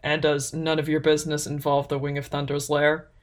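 A woman voicing a calm, dry young man. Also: low-pitched, brisk, lightly acted.

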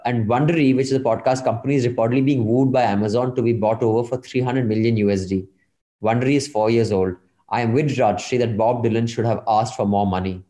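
A man's voice: mid-range voice, warm tone, roomy sound. A man hosting a podcast in casual chat, reading listener emails aloud and adding his own asides. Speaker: podcast host.

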